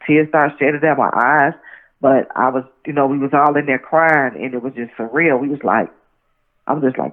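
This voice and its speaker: The tinny phone line carries a woman guest's very deep, steady voice at a moderate pace. In this casual interview she tells a story loosely, restarting often and repeating "you know what I'm saying."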